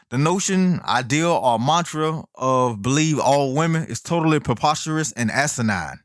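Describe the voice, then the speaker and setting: A man's voice: medium pitch, fairly bright tone, dry recording, studio quality. A man hosting his own commentary channel, delivering an emphatic, indignant opinion monologue full of rhetorical questions and folksy asides to viewers.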